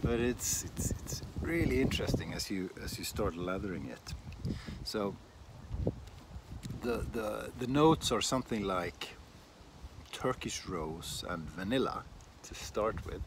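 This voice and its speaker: Man, slow rambling chat, lively pitch, outdoors, faint wind behind. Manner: rambling, self-deprecating, many restarts. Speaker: shaving vlogger. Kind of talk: casual outdoor vlog chat. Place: outdoors in a windy garden.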